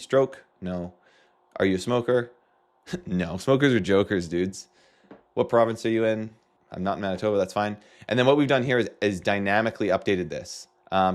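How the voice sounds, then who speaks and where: A man with a Canadian accent, casually walking through a marketing tutorial with joking asides. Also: fairly low pitch. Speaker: marketing coach. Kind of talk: screen-share tutorial.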